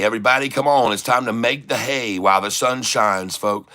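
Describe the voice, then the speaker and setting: Middle-aged guy live-streaming his stock trades, bright punchy voice, rattles off prices over and over, chanty hype-man vibe. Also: mid-range voice. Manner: hype-man patter, rhyming chants, repeats prices rapidly. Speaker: live day-trading streamer. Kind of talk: excited live trading commentary.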